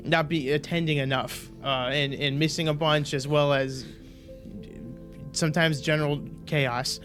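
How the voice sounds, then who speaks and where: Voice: medium pitch, fairly even intonation, unhurried, a bit bright, faint music behind, natural voice. A game master voicing a flustered, helpful woman clerk who keeps saying hang on and fusses as she talks. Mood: apologetic. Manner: hesitant, fussing, full of "hang on".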